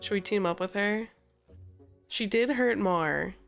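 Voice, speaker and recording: A woman's voice: medium pitch, a little slow, vocal fry, faint music behind. A woman streaming a game, chatting in a playful, sarcastic and profane way. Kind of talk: casual live-stream commentary.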